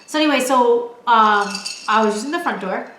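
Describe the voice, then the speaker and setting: A woman in her twenties telling stories from home in a casual chat, animated and laughing, with lots of filler "like". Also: a little high, moderate pace, slight background noise. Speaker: vlogger, storyteller. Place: at home, in a room. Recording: roomy echo.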